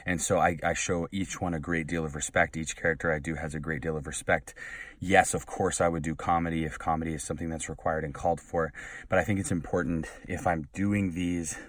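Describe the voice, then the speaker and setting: A man's voice: a bass voice, fairly even intonation, fairly quick, fairly bright tone, no echo, studio quality, far from the mic. A man who works as a voice actor, talking earnestly and a little ramblingly in a casual vlog from his small recording booth. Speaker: professional voice actor.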